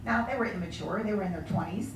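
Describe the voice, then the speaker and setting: A woman sales director telling her story in a motivational speech, animated and acting out the voices of people she quotes. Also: mid-range voice, fast talker, background noise. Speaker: sales director giving a talk. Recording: echoey room from far off.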